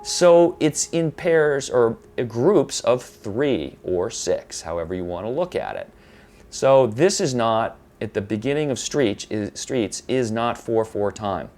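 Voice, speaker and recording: A man's voice: mid-range voice, big pitch swings, measured pace, darkish tone. A man teaching guitar, explaining rhythm patiently, counting beats aloud and now and then correcting himself. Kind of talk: guitar tutorial. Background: electric guitar playing.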